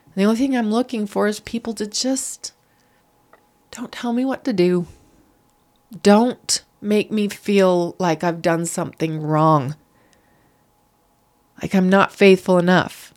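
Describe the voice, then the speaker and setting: A middle-aged woman, a podcast guest, telling a painful personal story in an earnest, animated way. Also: medium pitch, measured pace, pauses often. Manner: earnest, animated, acts out quoted voices.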